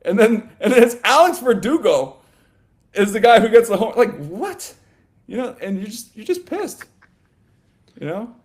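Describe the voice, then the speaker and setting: A man co-hosting a sports podcast, talking in a loose, animated ramble full of "like" and "you know" and quick laughs. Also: sits high. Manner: laughs often mid-sentence. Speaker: podcast co-host. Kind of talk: casual sports chat.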